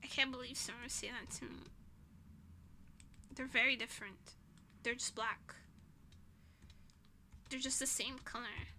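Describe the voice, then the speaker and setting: A woman's voice: a little high, fairly even intonation, a little slow, long pauses, bright, forceful tone, a little hiss or hum. A young woman streamer chatting casually, ranting indignantly with swearing and laughter. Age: young adult.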